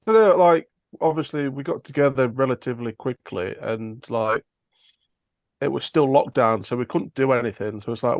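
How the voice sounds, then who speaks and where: A man with a gravelly, fry-laden voice at a middle pitch talks loosely and rambles, with dry, sarcastic humor. The sound is dull and dry, with no room around it. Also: moderate pace, dry recording. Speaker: band member. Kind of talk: casual interview chat.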